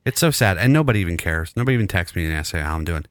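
Raspy, rambling male podcast host. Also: low voice, animated, very fast, no echo, studio quality. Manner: rambling, self-mocking, laughs often. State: raspy, rattling chest from illness. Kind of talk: casual podcast sign-off chat.

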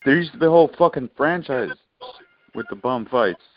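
A man's voice: medium pitch, expressive, dull audio. A man in casual, crude podcast chat, blunt and profane in his remarks. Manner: blunt, profane, quick to laugh along.

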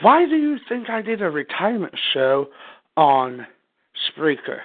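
A man chatting casually as a guest co-host, agreeable and slow-spoken. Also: on the high side, very animated. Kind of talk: casual chat. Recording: tinny phone line.

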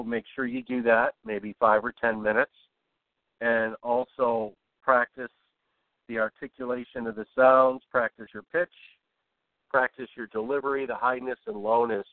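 A man coaching listeners on their voice in a loose, rambling way, full of ums and restarts. His voice comes through thin and phone-like, with a dry, close sound and no room echo. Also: mid-range voice. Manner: relaxed, rambling, with many fillers and restarts. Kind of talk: informal spoken lesson.

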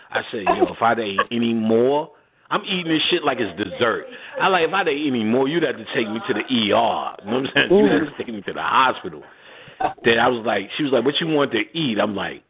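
Man, radio host, casual storytelling, animated and laughing, tinny phone-like sound, noisy line. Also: mid-range voice, normal speed. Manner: animated, laughing, slangy, acts out quotes.

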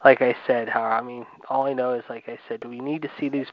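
A man in heated wrestling commentary, rambling and circling back with filler words. His voice sits at an ordinary pitch. The recording is dry and a bit dull. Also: flat delivery, fast talker, no echo. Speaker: podcast co-host.

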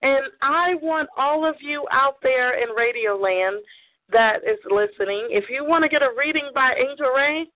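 A woman's voice: high-pitched, moderate pace. A woman with a Southern US accent hosting a call-in radio show, chatty and bubbly, laughing often. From American South. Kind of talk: casual call-in radio chat. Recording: tinny phone line.

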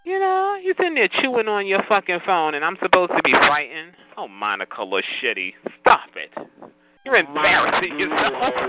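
A man's voice: high voice, sing-song, moderate pace, narrow, tinny audio, very noisy. A man hosting a phone chat line, scolding callers in a sassy way and calling everyone honey.

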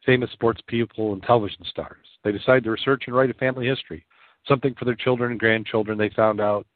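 A man's voice: mid-range voice, fairly even intonation, quick pace, dry recording, narrow, tinny audio. Chuckling man reading a joke. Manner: chuckly, laughs often, stumbles and repeats words. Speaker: podcast co-host. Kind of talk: casual chat, reading a joke aloud.

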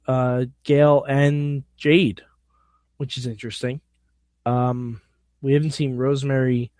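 A man's voice: a little high, a little mellow, dry recording, studio quality. A man hosting a podcast alone, giving a casual wrestling recap in an opinionated, blunt, sometimes profane way. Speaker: podcast host.

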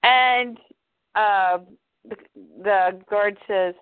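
A woman co-hosting a casual chat show, retelling a comic book story in an animated way with quick asides. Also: mid-range voice, dry recording. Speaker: podcast co-host. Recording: tinny phone-like sound.

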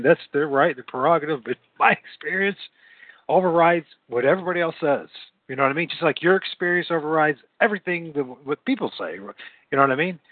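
A man's voice: fairly high pitch, no echo. A man hosting his own podcast, chatting casually in a rambling way, repeating words and laughing easily. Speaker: podcast host. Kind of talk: casual late-night call-in chat. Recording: tinny phone-like sound.

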